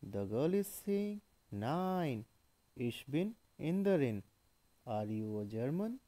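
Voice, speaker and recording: A man's voice: medium pitch, big pitch swings, takes it slowly, warm tone. A man teaching a language lesson in a patient, explanatory way, repeating and translating each phrase. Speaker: German teacher.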